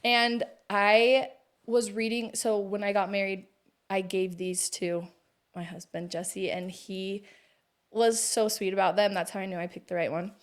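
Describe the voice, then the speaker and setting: A woman in her thirties chatting as a podcast guest. Her pitch sits in an ordinary middle range. She talks in a loose, chatty storytelling way and laughs easily. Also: flat delivery, unhurried. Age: 30s. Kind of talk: casual conversation.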